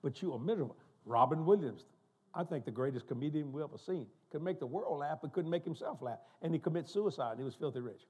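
An older man preaching a storytelling sermon in a church, animated and joking as he goes. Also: on the high side, fast, husky. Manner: animated, joking, laughing asides. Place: church sanctuary.

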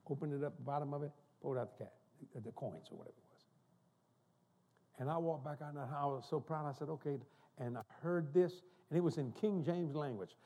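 This is an older man preaching from a church pulpit. His voice is husky and dark, and he tells stories in an animated way, cracking jokes and laughing as he goes. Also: a little high, fairly quick. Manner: animated, joking, laughing asides. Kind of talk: storytelling sermon. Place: church sanctuary.

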